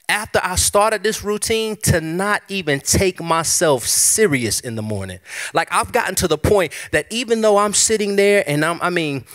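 Pastor, male, sermon delivery, higher voice, swings a lot in pitch, conversational and personal. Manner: conversational preaching, animated and personal. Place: church service.

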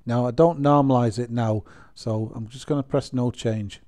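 A man, hosting his gaming channel and chatting through a software tutorial, rambling and joking at his own expense. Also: mid-range voice, fairly even intonation, moderate pace. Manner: chatty and rambling, with self-deprecating jokes.

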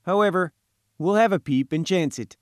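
Guy doing nervous grumpy engineer, higher and louder than his narrating voice, blunt, dry recording. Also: normal speed, no room sound, lightly acted. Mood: uneasy. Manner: blunt, uneasy, grumbling. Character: gloomy, jittery male chief engineer underground.

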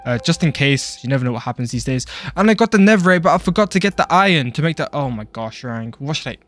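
A man's voice: fairly high pitch, animated, fast, fairly bright tone, no echo, faint music behind. A man doing frantic Minecraft role-play commentary, jumpy and casual, talking to in-game characters and calling them bro. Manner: casual slang, calls others bro. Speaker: gaming YouTuber.

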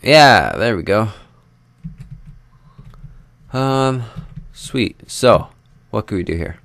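A man's voice: fairly low pitch, animated, extremely slow, vocal fry, fairly bright tone, dry recording. A young man giving casual, rambling commentary over his own gameplay, chatting to viewers and joking about himself. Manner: rambling, self-deprecating, talks to viewers while building. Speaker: Minecraft let's play host.

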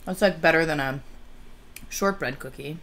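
A woman co-hosting a snack review, chatting casually and savoring each bite with a relaxed drawl. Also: deep voice, normal speed. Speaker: co-host of a snack review show. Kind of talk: casual snack-tasting chat.

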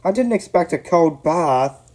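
A man's voice: on the high side, a little slow, warm tone, voice pushed up, lightly acted. A man voicing a hardworking small male engine, speaking in a raised, indignant voice.

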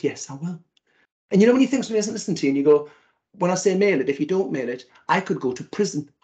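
Male keynote speaker, animated comic storyteller with a lively voice, on a video call. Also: on the high side. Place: virtual event.

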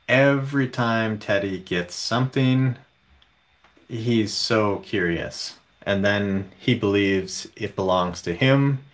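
A man hosting a casual livestream from home, reading viewer comments aloud in a relaxed way. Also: fairly low pitch. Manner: slow, relaxed, reads chat comments aloud. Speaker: livestream host.

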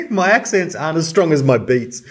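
A laid-back man co-hosting a casual podcast, with dry humor. His pitch sits a little high and swings widely as he talks. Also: sing-song, normal speed, a little hiss or hum. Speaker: podcast co-host. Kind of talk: casual chat.

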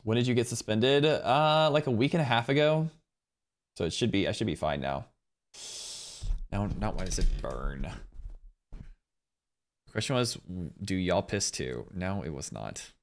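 A man chatting casually with viewers on a live stream from home, rambling and excitedly thanking people. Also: lowish voice, unhurried, long pauses.

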